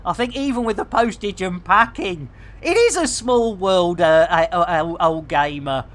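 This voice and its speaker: A middle-aged Englishman with a Barnsley, Yorkshire accent chats jokily through a live game stream, packed with catchphrases. His voice sits high with lively intonation, a measured pace, and a fairly bright tone.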